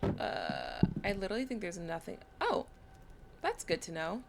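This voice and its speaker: Woman gamer, casual commentary, gravelly fry, noisy hissy recording. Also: lowish voice, wildly swooping pitch, moderate pace. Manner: chatty, reads item text aloud. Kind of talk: casual let's-play commentary.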